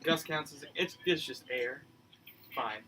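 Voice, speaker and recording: A man playing a tabletop game, loud and profane, laughing often. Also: on the high side, measured pace, a little hiss or hum. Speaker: player. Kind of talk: casual tabletop banter.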